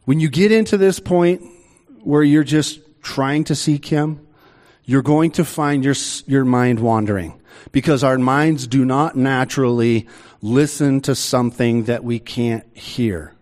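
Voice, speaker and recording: A middle-aged man preaching a sermon in a conversational way, with slow, emphatic pauses. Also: medium pitch, darkish tone. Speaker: pastor.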